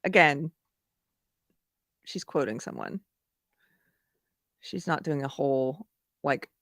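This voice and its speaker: A woman's voice: lowish voice, fairly bright tone, no room sound, studio quality. Chatty woman hosting a live stream. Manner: chatty, laughs often, reads chat aloud. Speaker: livestream host. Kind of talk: casual live commentary.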